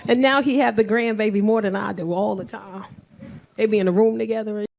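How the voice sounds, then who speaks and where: A woman's voice: mid-range voice, steady tone, fairly quick, vocal fry, a little mellow. A woman in her forties doing stand-up, telling brash, profane family stories and acting out the people in them. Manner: brash, profane storytelling with acted-out family voices. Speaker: stand-up comedian. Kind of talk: stand-up comedy. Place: comedy club stage. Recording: live room with laughing audience.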